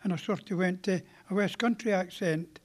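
A man's voice: sits high, moderate pace. An older man with a Scottish accent, a panel guest chatting modestly and rambling a little.

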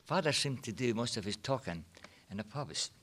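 Recalling old sayings, this older Scotsman in a reminiscence group rambles casually through his stories, adding asides, chuckling, and scattering "you know" throughout. His medium-pitched voice is expressive and a bit bright, at a moderate pace, with slight background noise.

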